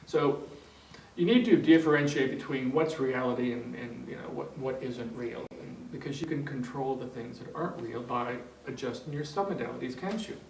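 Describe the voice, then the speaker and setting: With a gravelly, medium-pitched voice at normal speed, an NLP trainer chuckles his way through a rambling anecdote for a seminar, restarting often and using lots of fillers. He is recorded from a distance in a roomy training room with faint noise.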